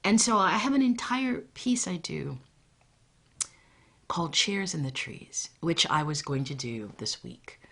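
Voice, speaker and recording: A woman storyteller telling a folktale and reflecting, often dropping into a hushed, intimate whisper. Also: low-pitched, animated, measured pace, gravelly, husky. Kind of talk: live storytelling.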